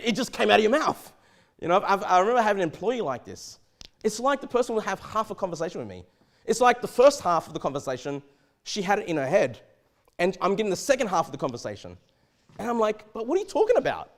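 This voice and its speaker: The high-voiced preacher, a man with an Australian accent, gives his church sermon conversationally and with energy, stammering a lot and beginning sentences again.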